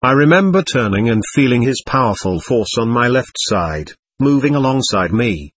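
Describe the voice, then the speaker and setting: A man reading a first-person memoir aloud in a gentle, measured storytelling voice. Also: mid-range voice, sing-song, slightly rough, no room sound. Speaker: audiobook narrator.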